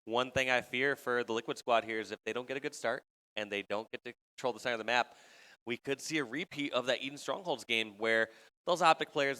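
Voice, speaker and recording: Esports analyst guy breaking down tactics, bright forceful voice, long hall reverb. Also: on the low side, smooth. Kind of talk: color commentary.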